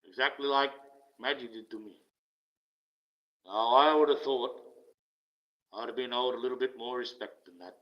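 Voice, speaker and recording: A man on his livestream delivers a casual, sarcastic, profanity-laced rant, alternating loud outbursts with low mutters. His middle-pitched voice keeps a fairly even intonation at normal speed, broken by long pauses. The audio quality is dull and lo-fi.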